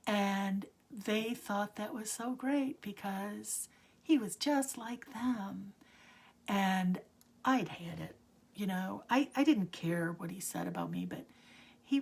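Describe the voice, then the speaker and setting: A woman in her sixties telling a personal story, often sinking into a hushed whisper as she talks. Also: medium pitch. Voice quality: husky, gravelly.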